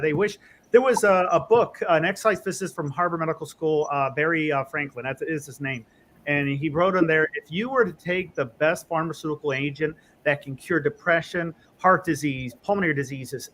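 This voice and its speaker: A man's voice: a little high, slight background noise. A man, a respiratory therapist, talking in a casual conversation and acting out dialogue as he tells stories. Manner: animated storyteller, acts out dialogue.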